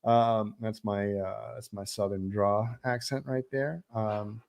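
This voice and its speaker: Low-voiced rambling man chatting on a livestream. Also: fairly even intonation, takes it slowly, vocal fry, a little mellow. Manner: rambling, many fillers and restarts. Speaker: film director hosting a livestream Q&A. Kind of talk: casual livestream chat, reading viewer questions.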